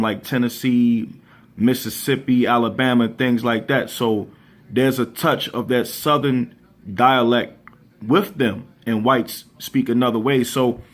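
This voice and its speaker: Man from Baltimore, vlog host, mid-range voice, easygoing and reflective, lots of ums and restarts. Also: medium pitch. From Baltimore, USA. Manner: relaxed and thoughtful, pausing with frequent ums and restarts. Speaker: channel host. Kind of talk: casual opinion vlog.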